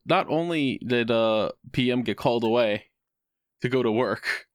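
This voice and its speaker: Man, casual podcast chat, wry storyteller, middling pitch, dry close mic. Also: a little slow, no room sound. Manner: wry storytelling with put-on voices. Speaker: podcast co-host.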